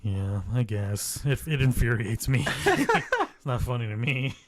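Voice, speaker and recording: Animated laughing podcast co-host, man. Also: mid-range voice, unhurried. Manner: animated, laughs often, swears. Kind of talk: casual chat.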